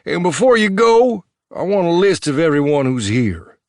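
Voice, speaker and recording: A man's voice: a little high, sing-song, moderate pace, a little mellow, no echo, studio quality, voice pushed up. A man voicing a swaggering, menacing male police officer with a put-on drawl. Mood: commanding. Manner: drawling, movie-style commanding tone.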